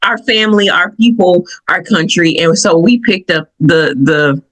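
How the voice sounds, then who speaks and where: A woman from Michigan with a Southern accent, hosting a podcast and telling personal stories in an animated way, laughing often. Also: on the low side, a little slow, low-quality recording. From Michigan, USA. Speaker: podcast host. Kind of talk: personal reflective talk.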